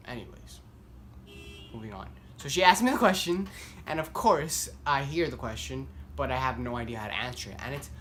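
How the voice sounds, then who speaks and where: A young man vlogging, telling a story casually and rambling with lots of "like" fillers, getting animated as he goes. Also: high-pitched, slight background noise. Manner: rambling, heavy use of "like", self-deprecating; animated, voice climbs when worked up.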